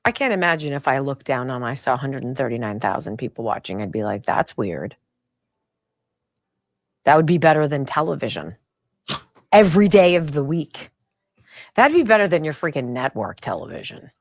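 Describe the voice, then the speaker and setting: A woman's voice: rumbling low, animated, a little fast, no room sound. A woman hosting a talk radio show, giving indignant, opinionated commentary and addressing people directly.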